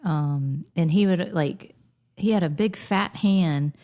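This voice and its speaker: A woman in her thirties with a Lowcountry Southern accent, co-hosting a podcast and telling wry, nostalgic stories with frequent laughter. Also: slow pace, mellow. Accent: Southern US (Lowcountry South Carolina). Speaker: podcast co-host. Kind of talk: casual nostalgic chat.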